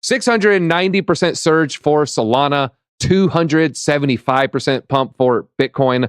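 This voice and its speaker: A man hosting a live crypto talk show, upbeat and reading out chat shout-outs. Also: on the high side, moderate pace, clean tone, dry recording, clean studio sound. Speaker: show host.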